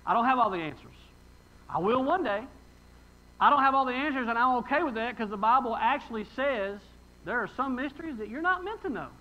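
A pastor with a very high-pitched, lively voice speaks fairly quickly on a lo-fi recording. He preaches in a folksy, emphatic way, reading scripture and posing rhetorical questions to his congregation.

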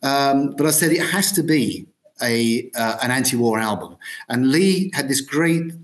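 A man's voice: medium pitch, unhurried. A man in his sixties, a guitarist being interviewed, chatting casually with many ums and restarts. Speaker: guitarist guest.

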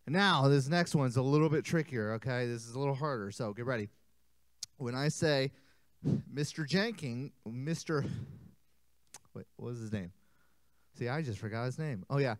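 A man teaching a children's church lesson as animated, playful storytelling, joking and interrupting himself. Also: medium pitch, normal speed, pauses often, dry recording. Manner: playful, self-interrupting, jokey.

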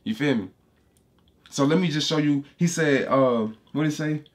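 With a voice on the high side and a normal speaking speed, this man teaches the Bible in a loose, forceful style. He keeps repeating himself, leans on street slang, and addresses the audience as "bro."

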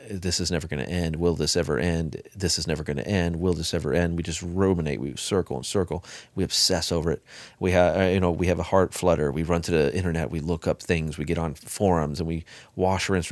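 Deep-voiced blunt male coach, dry sound. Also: dry recording. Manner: blunt, folksy, swears casually, rambles. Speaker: benzo withdrawal coach. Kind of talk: casual Q&A monologue.

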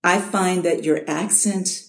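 A woman's voice: on the low side, fairly even intonation, slow, reverberant. A middle-aged woman from Chicago, an audiobook narrator, talking casually in an interview, often restarting with repeated words and laughing.

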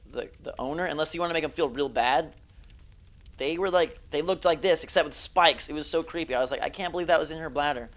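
A slightly hoarse man doing live game commentary on a headset mic, yelping at snakes on screen and joking with viewers. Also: mid-range voice, a bit bright. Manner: jumpy, yelps and jokes at on-screen snakes, chats with viewers. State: slightly hoarse, under the weather. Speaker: gaming streamer. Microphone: gaming headset.

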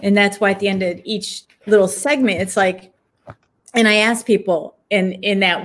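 A woman's voice: medium pitch, measured pace. A woman, an author and guest, answering interview questions reflectively and thinking aloud with frequent fillers.

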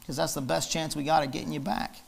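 A man's voice: fairly high pitch, steady tone, fast talker, vocal fry. A man preaching a fiery, emphatic sermon in church, hammering his points with repetition. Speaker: pastor.

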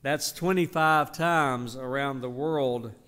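An older man, teaching a Bible study in an unhurried, emphatic way. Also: medium pitch, fairly bright tone. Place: church hall. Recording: reverberant church hall.

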